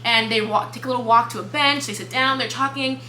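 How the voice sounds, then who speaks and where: A young woman co-hosting a book podcast, retelling the plot in casual chat, expressive and swearing freely. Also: a little high, quick pace. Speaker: podcast co-host. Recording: echoey room with faint hum.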